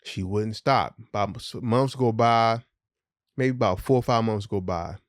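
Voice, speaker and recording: This middle-aged podcast co-host speaks in a lowish, slightly slow voice, candidly recounting a personal story in casual, profane language and acting out the voices of the people involved. The studio sound is clean with no echo.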